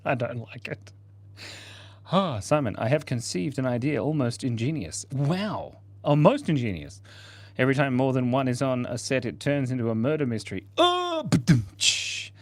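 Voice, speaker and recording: Man, livestream host, playful, chatty, laughs often, mid-pitched voice. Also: animated, normal speed, darkish tone, dry recording. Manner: reads viewer comments aloud. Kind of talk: casual live-stream chat while drawing.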